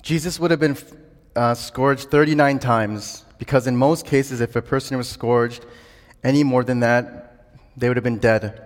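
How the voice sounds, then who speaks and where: A male preacher delivers an earnest sermon in a middle-pitched voice. He builds steadily toward emphatic, ringing declarations. A long hall reverb trails his words. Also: steady tone, a little slow.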